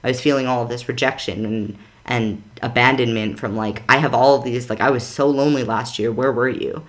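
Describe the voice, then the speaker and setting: A woman's voice: a bass voice, steady tone, brisk. Frank young woman telling her story. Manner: emphatic, frank, swears, peppers talk with "like". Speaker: podcast guest. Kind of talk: candid personal storytelling.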